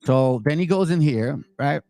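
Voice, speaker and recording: Man, casual reaction commentary, mocking, swears, slightly high voice, dry close mic. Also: expressive, moderate pace, warm tone, dry recording. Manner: mocking, blunt, swears freely. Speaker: online commentator.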